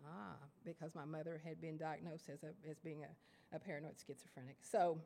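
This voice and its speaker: A woman with an Appalachian Kentucky accent giving a lecture to an audience of writers, self-deprecating and halting, with many fillers and restarts. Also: low-pitched, level tone, mellow, slight background noise. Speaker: guest lecturer. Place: lecture hall before an audience.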